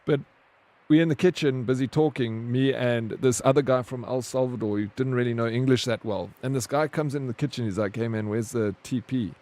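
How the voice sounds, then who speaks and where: A man's voice: medium pitch, a little fast, darkish tone. A young man streaming a game, chatting casually and talking straight to his viewers by name. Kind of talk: casual live-stream chat.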